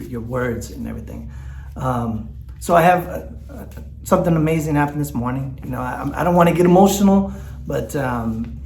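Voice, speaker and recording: A man's voice: mid-range voice, creaky, darkish tone, roomy sound, a little hiss or hum. A man talks candidly in a personal vlog, teary and rambling, with lots of fillers and restarts. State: teary, choked up. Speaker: vlogger. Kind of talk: emotional personal vlog talk.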